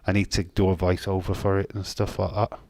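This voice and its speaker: A man's voice: deep voice, completely flat delivery, brisk, a little mellow, dry recording. A man, casually chatting on a live stream and bantering with chat comments, swearing now and then.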